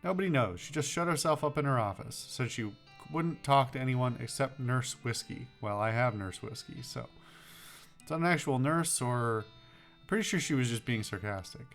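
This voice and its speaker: A man's voice: medium pitch, normal speed, fairly bright tone, faint music behind, close to an everyday voice. A man voicing a chatty, slightly sheepish horse dealer with a busted knee in a video game, in a voice close to his own.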